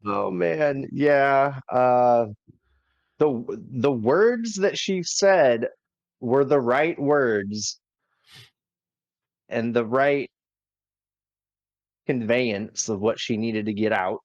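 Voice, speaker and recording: Slow-talking man, dull lo-fi recording. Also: mid-range voice, dry recording. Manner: unhurried recapping, filler-heavy. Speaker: podcast host. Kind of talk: casual wrestling review chat.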